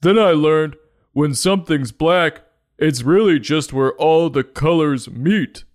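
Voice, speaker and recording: A friendly storybook minotaur, played by a man in a raised, earnest voice, slow and over-sweet. The voice is somewhat louder than plain talk. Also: on the high side, voice pushed up.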